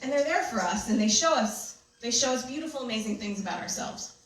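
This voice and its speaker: A woman giving an animated talk to an audience, telling a personal story and laughing often. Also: on the high side, a little fast, slight background noise. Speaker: speaker. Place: large room with an audience. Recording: echoey hall from far off.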